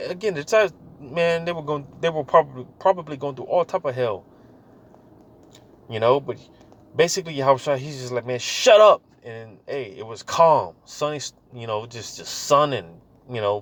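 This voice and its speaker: Slangy man giving casual Bible teaching. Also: mid-range voice. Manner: slangy, keeps saying "man" and "you know"; reads scripture aloud slowly, then riffs on it.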